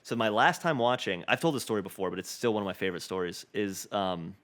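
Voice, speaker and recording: A man's voice: on the low side, lively intonation, fast, fairly bright tone. A young man telling a story in a podcast interview, acting out the people he quotes. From Boston. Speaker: comedian guest.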